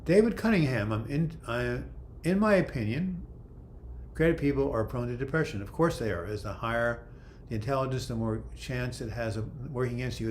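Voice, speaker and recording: A man's voice: mid-range voice, slight background noise. An older man hosting a casual livestream, reading viewer comments aloud and answering them in a chatty way. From United States. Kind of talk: casual live chat.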